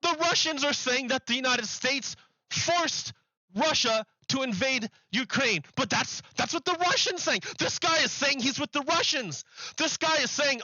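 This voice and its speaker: A man's voice: very high-pitched, unhurried, sharp tone, dry recording, lo-fi sound. A man hosting a stream, giving profane, sarcastic, heated commentary on clips. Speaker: streamer host. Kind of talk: ranting commentary over clips.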